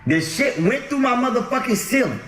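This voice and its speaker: A man telling an animated story in a casual group chat, emphatic and swearing, with stumbling restarts. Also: very high-pitched, a little fast, echoey room, soft background music. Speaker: storyteller guest.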